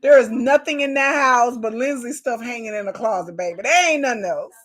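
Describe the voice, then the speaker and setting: A woman's voice: fairly high pitch, a little fast, fairly bright tone. A woman, hosting a casual reaction video, outspoken and emphatic with plenty of slang. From Texas.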